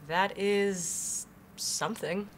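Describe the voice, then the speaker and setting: A woman's voice: mid-range voice, fairly even intonation, very slow, a little hiss or hum. A woman playing a dry, sarcastic new hire. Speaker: new telemarketer on her first day. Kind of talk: comedy audio drama acting.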